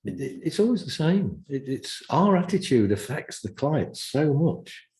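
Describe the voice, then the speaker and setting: A man, a guest practitioner, telling lively stories in casual chat and acting out the dialogue. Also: a little high, unhurried, roomy sound. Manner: animated, acts out dialogue in stories.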